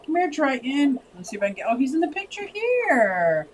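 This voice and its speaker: A woman's voice: high voice, fairly quick, slight background noise, rough recording. A woman over sixty from Pennsylvania, hosting a casual livestream and chatting expressively as she reads viewer comments. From Pennsylvania, USA. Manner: chatty and expressive, often sways between lively and soft. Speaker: livestream host.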